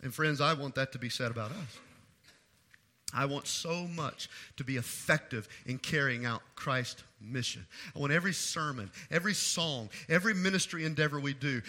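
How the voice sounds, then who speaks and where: A male pastor delivers a sermon in a high, very bright, ringing voice. He talks emphatically and hammers home points by repeating phrases. His cadence swings between soft, low asides and lifted, forceful lines.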